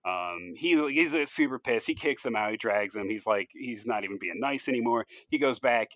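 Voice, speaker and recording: A man casually pitching a movie story on a podcast, rambling loosely with lots of "like" and "you know" and frequent restarts. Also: animated, moderate pace, a bit bright, no room sound, dull audio. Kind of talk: casual chat.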